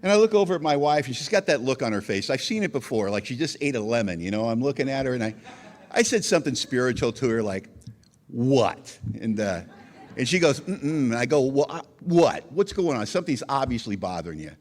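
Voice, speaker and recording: A man tells his recovery story in a lively, self-mocking way, acting out the scenes. His voice leaps up and down in pitch as he swings from loud outbursts to quiet reflection. The hall around him adds a long, roomy echo. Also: quick pace. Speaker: AA speaker sharing his story. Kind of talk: animated storytelling talk.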